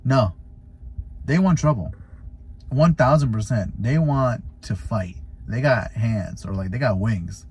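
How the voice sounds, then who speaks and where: A stay-at-home dad who drives deliveries, telling a funny story in a casual vlog and leaning heavily on fillers like "you know" and "like". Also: male voice, mid-range voice, animated, slow, a little mellow, breathy edge. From Florida.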